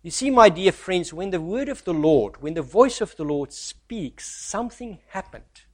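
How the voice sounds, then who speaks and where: Man, preacher, sermon, scripture reading, fairly high voice, loud stresses and soft asides. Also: lively intonation, moderate pace. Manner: reads scripture aloud, swings from loud emphasis to near-hushed asides.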